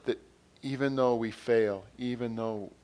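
A man preaching a sermon in an earnest way, repeating his phrases and growing louder when he reads quotes and scripture. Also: medium pitch, steady tone, measured pace.

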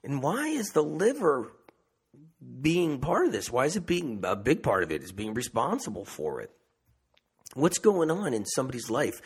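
A man's voice: medium pitch, breathy edge. A man who works as a medium, talking in a casual, rambling monologue, repeating himself and asking rhetorical questions. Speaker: self-described medium.

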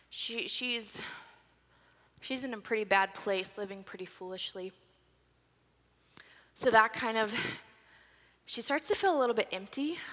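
A woman's voice: fairly high pitch, bright, forceful tone. A woman, giving a casual sermon talk in a chatty, filler-heavy way with laughing asides. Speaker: church speaker. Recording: reverberant hall.

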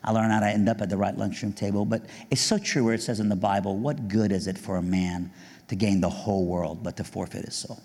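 A man from Iran telling his life story as a humorous testimony, animated and jokey, jumping high in pitch to act out punchlines and voices. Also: a little fast, gravelly, slightly rough. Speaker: speaker giving a testimony. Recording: long hall reverb.

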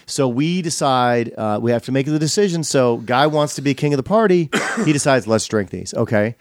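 A middle-aged man swaps stories in a loose podcast chat. He rambles, swears freely and restarts his sentences often, at a middle pitch. The sound is dry and close. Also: animated, moderate pace, no room sound. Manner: rambling, profane, with many fillers and restarts. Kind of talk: casual storytelling chat.

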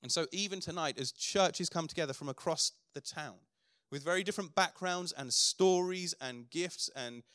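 Male pastor, middle-aged, earnest sermon delivery, slightly high voice, dry close sound. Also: normal speed, few pauses, pushed and bright, clear, resonant tone, no room sound. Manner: earnest preaching, builds to emphatic declarations.

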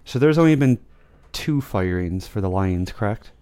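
A man's voice: on the low side, animated, moderate pace, warm tone. A man co-hosting a casual podcast, asking questions and talking sports in a dry, easy way. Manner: dry, asks questions, talks sports stats. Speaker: podcast co-host. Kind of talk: casual chat.

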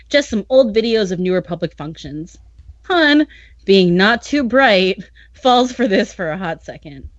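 A woman's voice: mid-range voice, no room sound, highs cut off. Sarcastic chatty woman podcast host. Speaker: podcast host recapping a novel. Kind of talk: casual chat.

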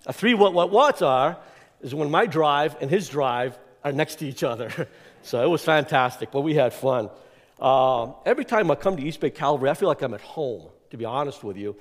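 A man giving an energetic, rambling address as guest speaker in a church, with lots of fillers and emphatic repeats. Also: mid-range voice, a little fast. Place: church sanctuary. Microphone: clip-on mic that keeps slipping. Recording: echoey church hall.

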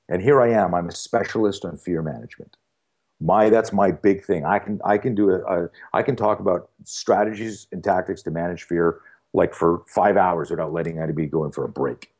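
A man in his sixties, a fear-management speaker, telling stories in a casual podcast conversation, acting out dialogue with frequent restarts. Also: deep voice. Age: 60s. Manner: animated storyteller who acts out dialogue with frequent restarts.

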